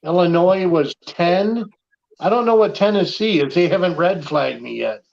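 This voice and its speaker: A man with a slightly high voice explains things in a matter-of-fact way during casual chat. His voice comes through dull, lo-fi audio. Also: moderate pace, gravelly, a little mellow.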